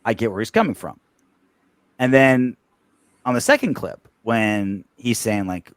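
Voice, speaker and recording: Animated man on a sports podcast. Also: mid-range voice, dry recording, studio quality. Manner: animated, swearing, rapid restarts. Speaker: podcast co-host. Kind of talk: casual sports podcast chat.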